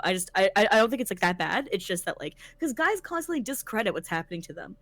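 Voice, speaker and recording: A woman co-hosting a podcast talks fast with few pauses in a medium-pitched voice, recorded dry. She animatedly recounts a story as a tournament organizer, with emphatic delivery and plenty of swearing.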